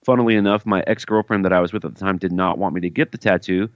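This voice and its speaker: A man's voice: low voice, steady tone, quick pace, no room sound, muffled recording. A man co-hosting a podcast, reading listener emails aloud with jokey asides in casual chat.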